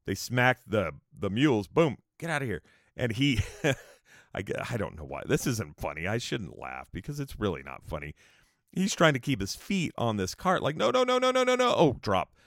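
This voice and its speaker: A man's voice: fairly low pitch, creaky, no room sound, studio quality. A man hosting a podcast, telling a history story casually, rambling with restarts and asides. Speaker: podcast host.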